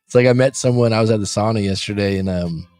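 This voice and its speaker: This coaching-show host rambles through a relaxed livestream from a room abroad near the street windows, joking and reading comments from the chat aloud. He talks fast in a smooth, darkish, lowish voice, with no room sound and faint music behind him.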